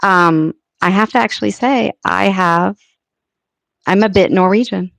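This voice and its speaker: Slow-talking American woman hosting a live chat. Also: medium pitch, gravelly, no echo. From United States. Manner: chatty, thinking aloud with many fillers. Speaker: livestream host.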